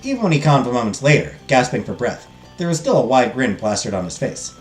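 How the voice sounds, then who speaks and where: A middle-aged man from the United States reads a game's story with a lively, swooping delivery and chats between lines. His voice sits in a mid range. There is a roomy echo with soft music behind. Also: medium pitch, brisk. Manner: expressive reader, chatty asides. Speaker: host. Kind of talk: reading a game's story aloud.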